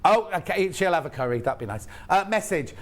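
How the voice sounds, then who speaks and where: A man's voice: high-pitched, big pitch swings, fairly quick. A man presenting on a live TV shopping channel in a TV studio, chatting and rambling with jokey asides while he sells. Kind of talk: live TV sales chat.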